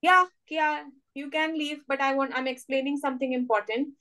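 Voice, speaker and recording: A woman's voice: high-pitched, fairly even intonation, moderate pace, bright, forceful tone, rough recording. A woman with an Indian English accent teaching children in an online storybook class, explaining and coaxing with repeated words for emphasis.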